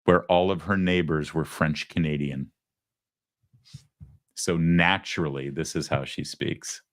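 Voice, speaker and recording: A man hosting a political talk show, giving mocking, animated commentary. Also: a bass voice, measured pace, no echo, studio quality.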